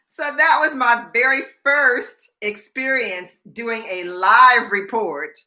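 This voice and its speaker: Bright-voiced older woman telling stories. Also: on the high side, slow pace. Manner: animated, acts out quoted voices, laughs often. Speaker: host. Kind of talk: casual storytelling chat.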